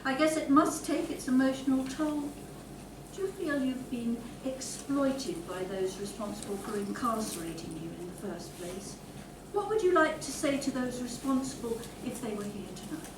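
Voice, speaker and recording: A woman with a high voice questions a guest earnestly, like a mock talk-show host in a homemade panto. She sounds distant and echoey. Steady background noise sits behind her. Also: moderate pace. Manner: earnest, probing interviewer. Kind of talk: amateur panto comedy. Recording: echoey room, far from mic, noisy.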